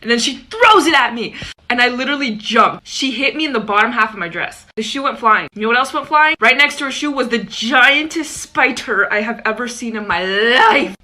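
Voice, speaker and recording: This is a woman narrating a casual storytime over gameplay. Her voice is a little high and very bright, and her pitch leaps around animatedly as she chats and acts out quoted people. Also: lively intonation, fairly quick.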